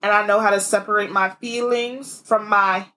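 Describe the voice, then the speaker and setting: A young woman co-hosting a casual chat, lively and acting out what she once said. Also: medium pitch, normal speed. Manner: animated, acts out her own past remarks.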